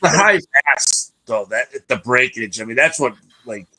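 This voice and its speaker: A man joining a podcast chat, recounting a loud event in short, excited, halting bursts. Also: mid-range voice.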